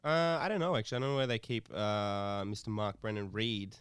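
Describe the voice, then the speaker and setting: Young man, podcast co-host, smooth clear voice, dry close sound, rambling casual talk. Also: fairly low pitch, fairly quick, dry recording. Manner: rambling, swearing, laughing storyteller.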